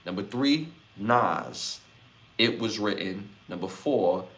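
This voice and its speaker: A man's voice: lowish voice, animated, slow pace, fairly bright tone. A man from Brooklyn, hosting a live podcast, reading out chat comments and repeating his lists. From Brooklyn, New York. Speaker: podcast host.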